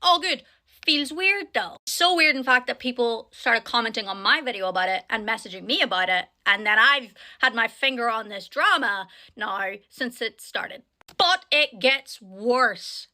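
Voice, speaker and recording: A woman's voice: fairly high pitch, bright, forceful tone. A woman from Northern Ireland with a Northern Irish accent, giving casual commentary as she tells a story, chatty with frequent tag questions. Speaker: online commentator.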